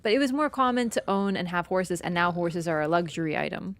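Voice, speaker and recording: A woman streaming a game, chatting casually with her viewers, teasing and jumping between excited bursts and low mutters. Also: a little fast. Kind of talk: casual gameplay commentary.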